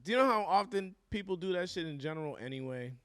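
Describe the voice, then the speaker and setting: A man's voice: high voice, animated, fast talker, no room sound, clean studio sound. A young man co-hosting a casual podcast, chiming in with jokes and swearing. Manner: reactive, joking interjections, swearing. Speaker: podcast co-host. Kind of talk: casual chat.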